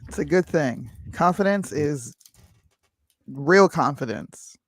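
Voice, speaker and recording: A man's voice: a little high, animated, slow pace, dry recording, clean studio sound. A man hosting a live stream, chatting casually with an opinionated, laughing manner.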